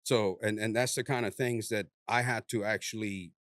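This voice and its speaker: A man's voice: lowish voice, fairly even intonation, moderate pace, a bit bright, no echo. A man in his forties, raised in Iran with Farsi as his first language, hosts a loose podcast chat with an easy, joking manner. He laughs readily and keeps tossing in asides like "you know what I'm saying". The room sound is dry and close. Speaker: podcast host. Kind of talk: casual podcast conversation.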